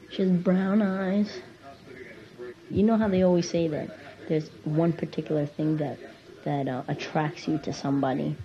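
A woman's voice: on the low side, lo-fi sound. Teen girl rambling in a diary. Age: teens. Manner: casual, rambling with many fillers. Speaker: teen diarist. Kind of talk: personal audio diary.

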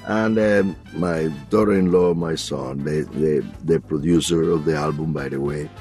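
A man's voice: rumbling low, unhurried, a little mellow, soft background music. An older man, a musician guest in a studio, telling stories animatedly and laughing often.

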